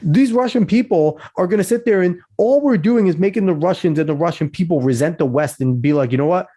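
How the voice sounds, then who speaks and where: A man's voice: high-pitched, expressive, fairly quick, warm tone, husky. A man hosting a podcast, reading a news article aloud and breaking off into blunt, profane, sarcastic commentary. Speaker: podcast host.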